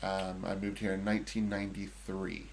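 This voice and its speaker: Hesitant American man, low voice. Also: level tone, moderate pace, vocal fry, slight background noise. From United States. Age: middle-aged. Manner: hesitant, many fillers and restarts. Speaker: co-host. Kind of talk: casual chat.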